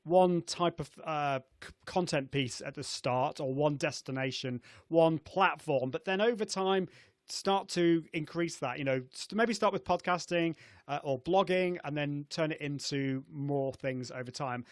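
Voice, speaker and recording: This middle-aged live-stream host speaks in a slightly high voice at an unhurried pace, chatting casually with many fillers, restarts, and frequent laughter. His video call setup yields a dry, studio-quality recording.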